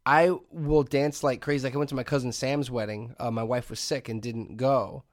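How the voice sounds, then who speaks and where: A middle-aged podcast co-host tells stories in casual conversation, animatedly acting out quotes along the way. His mid-range voice moves at a normal pace, recorded dry with studio quality.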